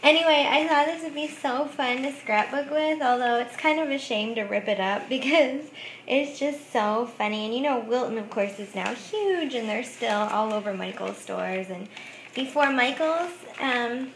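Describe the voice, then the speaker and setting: A woman's voice: on the high side, normal speed, a little hiss or hum. A woman craft vlogger chatting casually about thrift finds, giggling often and saying "like" a lot. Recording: echoey room.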